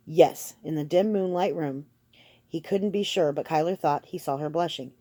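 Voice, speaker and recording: A woman reads a novel aloud in a steady, measured narration. Her voice is low and mellow. The recording is close and dry, with no room sound. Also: no room sound. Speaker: audiobook narrator. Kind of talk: audiobook reading.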